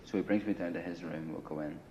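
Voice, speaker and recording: A man's voice: sits low, fairly even intonation, fast, warm tone, slight background noise. An older Irish man, a former paramilitary, recounting his past in casual, blunt storytelling full of swearing and "you know". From Ireland. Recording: slightly muffled recording.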